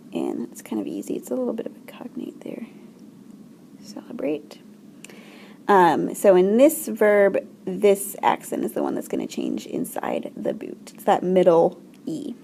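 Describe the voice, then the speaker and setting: A woman French teacher talks her class through a grammar lesson in a gravelly, mellow voice. She explains patiently and clearly, with a few fillers, over a faint hum of room noise. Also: medium pitch.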